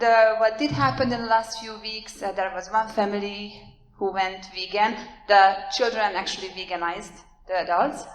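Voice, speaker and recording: A woman with a strong foreign accent giving an animated, plain-spoken conference talk, urging her listeners on. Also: medium pitch. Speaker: workshop speaker. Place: lecture hall. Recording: echoey hall, amplified.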